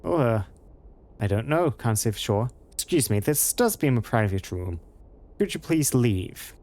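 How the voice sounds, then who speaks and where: A man's voice: medium pitch, big pitch swings, unhurried, darkish tone. A man reading the lines of a nervous, evasive retired thief in a game. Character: shifty retired male thief.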